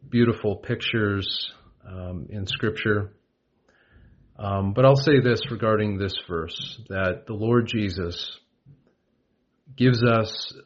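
Male preacher, slow and gentle devotional delivery, dull lo-fi recording. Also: lowish voice. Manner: gentle, unhurried, with frequent pauses and fillers. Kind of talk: devotional Bible talk.

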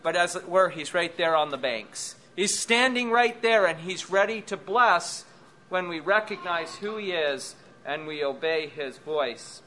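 A man preaching a sermon at a conference, gentle, with rhetorical asides to his hearers. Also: sits high, lively intonation, a little slow, slight background noise. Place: conference hall.

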